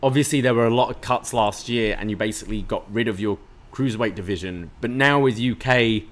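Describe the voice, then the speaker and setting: A man's voice: lowish voice, fairly quick. Casual man recapping wrestling matches. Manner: play-by-play retelling with fillers. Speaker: podcast co-host.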